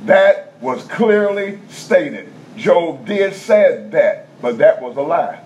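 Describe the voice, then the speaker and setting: A man's voice: fairly high pitch, lively intonation, a little mellow. Preacher man with a dull lo-fi sound. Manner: conversational, checks in with the congregation, repeats points slowly. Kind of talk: sermon teaching. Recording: dull lo-fi sound with faint background noise.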